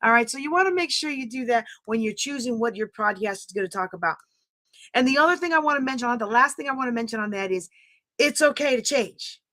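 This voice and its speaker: Lady teaching live, high bright voice, gets all excited and screechy. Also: fast talker. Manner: chatty, excitable, talks straight to viewers. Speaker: podcast host teaching a live class.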